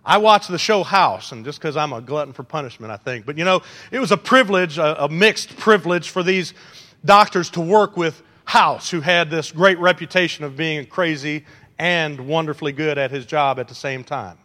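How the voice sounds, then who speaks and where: A preacher with a high, bright voice delivers an animated sermon, teasing the congregation and acting out quotes. His words ring out with a long reverb in a church hall. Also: moderate pace.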